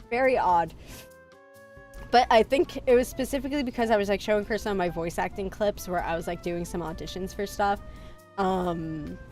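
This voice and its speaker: A young adult woman streaming, chatting casually in a rambling way with lots of fillers and self-deprecating laughs. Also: mid-range voice. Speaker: VTuber streamer. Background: faint music.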